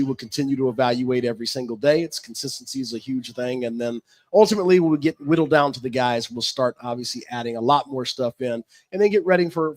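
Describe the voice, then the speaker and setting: A man's voice: medium pitch, no echo. A man, a football head coach, chatting casually on a live show, easygoing and laughing often, tired, trailing off with fillers.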